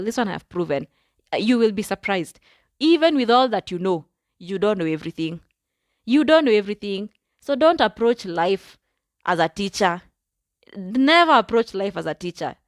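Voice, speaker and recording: A woman's voice: mid-range voice, dry recording, studio quality. A young woman with a Kenyan accent hosting her own podcast, talking in a chatty, effusive way and mixing English with Swahili. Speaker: podcast host. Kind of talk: casual solo podcast monologue.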